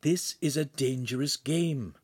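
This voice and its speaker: A man voicing an anxious, exasperated servant in whispered role-play, far higher than his own voice. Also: a little slow, breathy edge.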